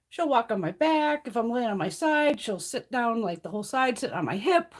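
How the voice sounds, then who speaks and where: A woman's voice: on the high side, lively intonation, normal speed. A woman hosting a casual makeup livestream from home, chatty and salty, swearing freely and cooing at her cats. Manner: coos in baby talk at her cats. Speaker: beauty livestream host.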